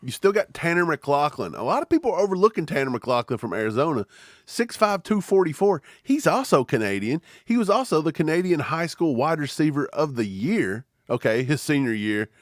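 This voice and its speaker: A man's voice: on the high side, fairly quick, no echo, clean studio sound. A man co-hosting a live football draft reaction stream, talking casually and slipping into silly impressions. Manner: animated, mimics people in silly voices. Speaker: co-host.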